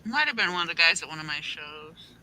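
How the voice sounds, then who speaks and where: A man chatting casually on a group call, chiming in with quick comments. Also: fairly high pitch, animated, sharp tone, slight background noise, poor audio. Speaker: livestream participant.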